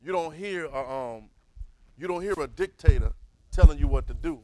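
A man, teaching a Bible class in a preaching style, calling for responses and swinging from soft to loud. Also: fairly high pitch, lively intonation, moderate pace, dry recording, low-quality recording.

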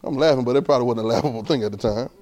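Speaking very fast, the man preaches conversationally, quizzing the congregation and often lifting into an excited, higher pitch.

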